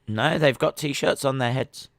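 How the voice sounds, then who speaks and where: A man hosting a live sports watch-along, chatting excitedly with many fillers as he reacts. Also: medium pitch, a little slow, no room sound. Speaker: livestream host.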